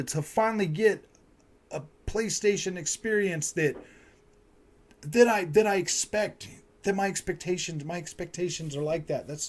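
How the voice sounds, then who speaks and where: A man's voice: a little high, a little mellow. A man who runs a gaming and tech channel, ranting to his viewers in a frustrated way, repeating himself and saying "man" and "dude" a lot. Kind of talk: frustrated casual rant to viewers.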